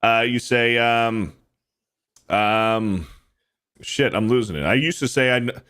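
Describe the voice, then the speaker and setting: A man hosts a podcast with blunt, crude commentary and frequent profanity. His voice sits at an ordinary pitch, and he speaks with offhand bluntness. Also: slow pace, fairly bright tone, clear, resonant tone. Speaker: podcast host. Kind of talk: casual chat.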